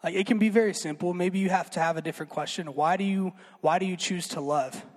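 A young man giving a casual sermon, chatty and animated, full of fillers and asides. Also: high-pitched, fast. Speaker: youth speaker. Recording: long hall reverb.

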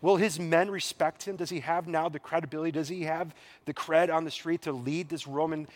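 A middle-aged man preaching a sermon as pastor, animated and often acting out the voices he quotes. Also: a little high, a little fast, long reverb tail.

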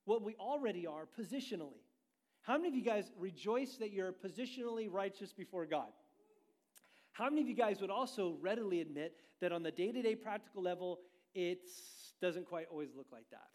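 A man's voice: high voice, a little mellow. A man preaching a sermon as pastor, asking the congregation questions and driving his points with energy.

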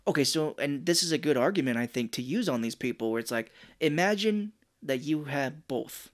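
A man's voice: on the high side, animated, a little fast. Casual man chatting about a movie. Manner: loose and profane, quotes others in funny voices. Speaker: podcast co-host. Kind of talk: casual chat.

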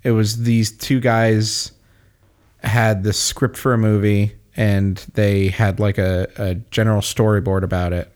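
A man's voice: fairly low pitch, level tone, a little slow, a little mellow, clean tone. A man in casual chat, an opinionated movie fan who talks at length and hiccups a little.

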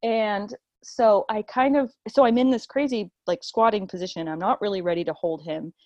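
Woman guest recounting her story, animated and chatty, on a muffled, dry recording. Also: medium pitch, moderate pace, dry recording. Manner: animated, acts out quotes, many fillers. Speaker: interview guest telling a birth story. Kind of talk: conversational personal storytelling. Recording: dull, lo-fi, dry.

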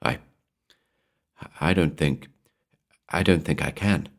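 A man's voice: extremely low pitch, takes it slowly, exaggerated voice. A man voicing a frightened male spirit photographer in a horror audiobook, stammering in a nervous, wavering voice. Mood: terrified.

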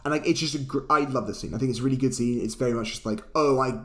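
A man's voice: medium pitch, racing, fairly bright tone. A man co-hosting a podcast, recapping a film in rambling casual chat, swearing freely. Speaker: podcast co-host.

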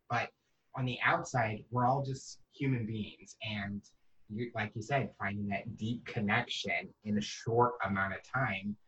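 Low-voiced host off-mic. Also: male voice, measured pace, a bit bright, recorded from a distance, muffled recording. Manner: reflective, sums up the guest's point. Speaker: interview host. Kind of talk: casual interview.

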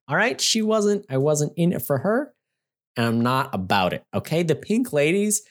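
Lively sarcastic man ranting about a movie. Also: fairly high pitch, moderate pace. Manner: animated, sarcastic, keeps asking "all right?" and "okay?". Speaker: podcast co-host. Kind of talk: casual movie review rant.

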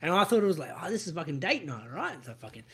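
Australian man, podcast co-host, high pitch, very animated, profane, enthusiastic. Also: very fast, breathy edge. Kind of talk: casual chat.

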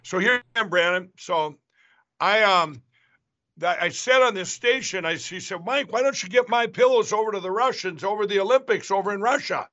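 A man's voice: high-pitched, moderate pace, pushed and bright. A man hosting a show, telling a long story in a casual, rambling way with many restarts and asides. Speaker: show host. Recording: dull lo-fi sound.

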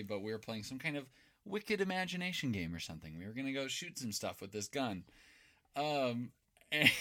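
A man's voice: medium pitch, bright, forceful tone. A young man from Idaho, co-hosting a podcast, telling rambling stories in a laid-back, swearing, casual chat. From Boise, Idaho. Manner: laid-back storytelling, lots of swearing and laughs. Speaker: podcast co-host.

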